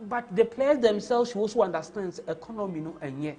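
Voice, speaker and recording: Ghanaian guy hosting a football livestream, kinda high voice, fired up and rambling, mixes in twi. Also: animated, fast, warm tone. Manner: impassioned, rambling, switches into Twi. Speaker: host. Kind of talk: live stream football commentary and chat.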